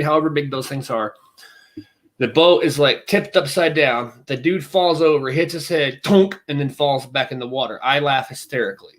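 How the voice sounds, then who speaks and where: Male podcast co-host, mid-pitched, chatty and rambling, acts out bits while telling stories. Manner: animated storytelling, acts out scenes with voices; rambling, self-interrupting. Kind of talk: casual chat.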